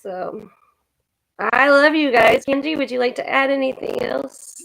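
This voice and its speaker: Gravelly, earnest woman livestream host. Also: high voice, a little slow, fairly bright tone, a little hiss or hum, rough recording. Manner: earnest, encouraging, repeats herself. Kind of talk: casual supportive chat.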